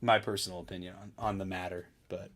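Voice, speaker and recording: A man's voice: deep voice, fairly even intonation, fast, a bit bright. A man hosting a live stream, talking casually and loosely with lots of "dude" and "like". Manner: laid-back, chatty, full of fillers like "dude".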